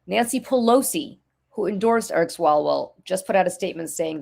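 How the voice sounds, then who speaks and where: A woman's voice: lowish voice, animated, fairly quick, vocal fry, darkish tone. A middle-aged woman co-hosting a political talk show, blunt and profane, hammering her points with repetition. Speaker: podcast co-host. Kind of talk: political commentary chat.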